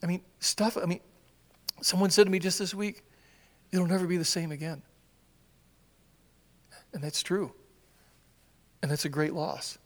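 A man preaching a sermon in a church, acting out scripture quotes with sudden swings from loud cries to hushed whispers. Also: high voice, unhurried, pauses often, in a large hall. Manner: animated, acts out quotes with swings from shouts to whispers. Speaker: pastor. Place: church sanctuary.

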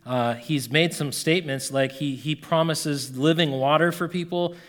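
Dude preaching a sermon, kinda high voice, chatty and animated, gets loud then quiet. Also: male voice, normal speed. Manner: conversational, animated, rises and drops in volume. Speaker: pastor.

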